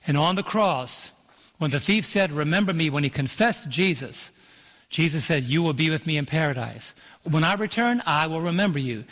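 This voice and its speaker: A pastor preaching a sermon in an auditorium, calling out to the congregation and drawing out key phrases. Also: male voice, a little high, fairly bright tone. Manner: preaching with call-and-response and slowed emphasis. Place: large auditorium. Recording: long hall reverb.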